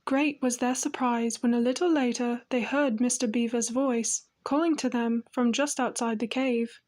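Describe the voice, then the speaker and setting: A woman narrating a children's fantasy audiobook in a gentle, even manner. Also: a little high, moderate pace. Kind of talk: storybook narration.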